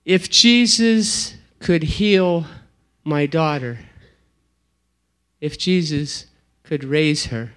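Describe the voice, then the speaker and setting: A man playing a grateful father in a first-person monologue, telling his story slowly and earnestly. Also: on the high side, a bit bright, clean tone. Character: grateful father whose daughter was raised.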